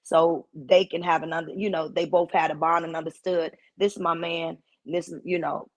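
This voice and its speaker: A woman's voice: deep voice, moderate pace. Woman with a heavy, punchy voice. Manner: animated storyteller who acts out quoted voices. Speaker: guest comedian. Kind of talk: casual storytelling chat.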